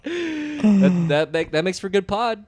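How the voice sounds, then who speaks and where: A man's voice: high voice, big pitch swings, takes it slowly, a little mellow, slightly rough, no echo. A man co-hosting a casual podcast, joking and laughing a lot as he talks. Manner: laughs often, jokey and self-mocking. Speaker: podcast co-host. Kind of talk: casual chat.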